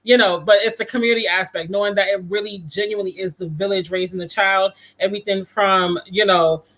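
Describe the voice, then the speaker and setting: A man hosting a casual livestream talks straight to his viewers, wandering onto tangents and laughing often. His voice sits notably high. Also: fairly even intonation, fairly quick, sharp tone. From United States. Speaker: livestream host.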